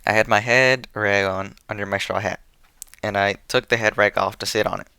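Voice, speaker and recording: A man reading an audiobook, telling the story in a plain, steady first-person voice. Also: lowish voice, normal speed, creaky, clear, resonant tone, dry recording. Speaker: audiobook reader. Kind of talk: audiobook narration.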